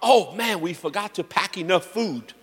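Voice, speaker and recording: A man's voice: sits high, lively intonation, normal speed, breathy edge, long reverb tail, heavily acted. A man preaching voices the disciples as flustered, whiny men. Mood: fretful. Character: fretful bumbling disciples, men.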